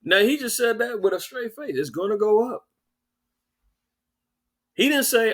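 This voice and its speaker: Animated man ranting sarcastically. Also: very high voice, unhurried, pauses often. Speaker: podcast host. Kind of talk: ranting political commentary.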